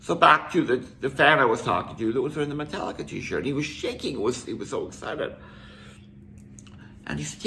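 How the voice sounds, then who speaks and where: A man's voice: mid-range voice, big pitch swings, brisk, vocal fry, sharp tone, slight background noise. An older man from Canada, casually telling a rambling story with restarts and asides. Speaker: musician telling a tour story.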